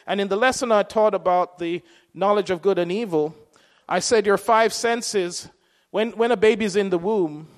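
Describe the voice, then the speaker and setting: High-voiced man preaching in a reverberant hall. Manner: conversational preaching, rhetorical questions. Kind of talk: sermon.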